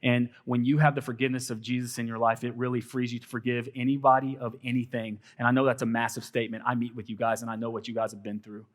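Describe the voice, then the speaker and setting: A man's voice: mid-range voice, level tone, fast talker, hardly any pauses. Texan guy leading a church panel, earnest and rambly. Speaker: panel host, college minister. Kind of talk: casual panel talk.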